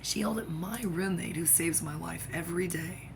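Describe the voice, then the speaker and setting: A speaker delivering a rambling comic monologue that jumps between topics, with excitable outbursts and sudden drops into whispers. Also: mid-range voice, normal speed, creaky, few pauses, noisy background.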